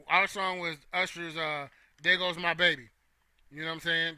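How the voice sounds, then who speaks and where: A man's voice: high voice, steady tone, moderate pace, bright, forceful tone, clear, resonant tone, dry recording. A young man hosting a casual opinion talk, playful and joking with his chat. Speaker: host.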